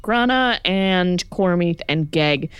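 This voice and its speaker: A woman game master narrating a tabletop game in a low, unhurried voice. Her talk is casual and loose with fillers, and the sound is dry and close. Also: lively intonation, smooth, no echo.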